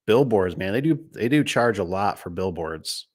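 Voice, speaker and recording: Rambling, low-voiced man telling stories. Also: lively intonation, normal speed, few pauses, darkish tone. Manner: rambling, with many restarts and acted-out quotes. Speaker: garage door business owner. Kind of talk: casual storytelling.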